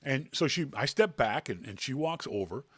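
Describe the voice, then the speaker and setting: A man hosting a podcast, telling a self-deprecating anecdote in a casual, animated way. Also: medium pitch, normal speed, no room sound. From Canada. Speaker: podcast host. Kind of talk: casual storytelling.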